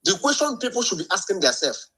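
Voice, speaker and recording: A man's voice: high-pitched, very animated, quick pace, sharp tone, poor audio. A man calling in to a talk show, speaking emphatically and preachily and checking "understand?" often. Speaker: caller. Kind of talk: heated call-in comments.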